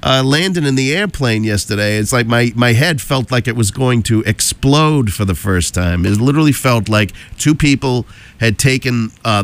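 A man with a hoarse, froggy voice from a cold, working as a radio DJ and chatting casually on air from a station studio, rambling with jokey asides. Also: medium pitch, fairly bright tone.

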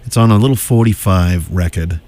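A man's voice: deep voice, moderate pace, a little mellow. A man hosting a show about old records, talking casually in a meandering way with lots of fillers. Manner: chatty, meandering, with many fillers. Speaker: host presenting old records. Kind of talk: casual rambling commentary.

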